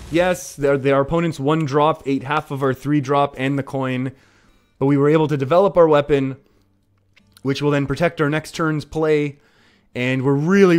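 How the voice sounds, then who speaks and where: A man live-streaming a card game, talking through his plays in a chatty way and often laughing. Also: a little high.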